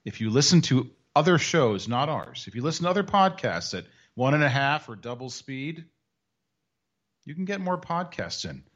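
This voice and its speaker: A man co-hosts a podcast, joking in a wry, casual chat and giving drawn-out explanations. His mid-range voice swings widely in pitch. The podcast audio is dull and lo-fi.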